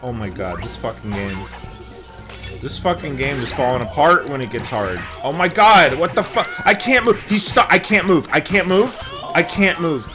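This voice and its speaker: A young man streaming a game live, cursing and yelling at it between quieter chat with viewers. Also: a little high, normal speed, over music. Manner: profane, yelling at the game, lively swings. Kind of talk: live gameplay commentary.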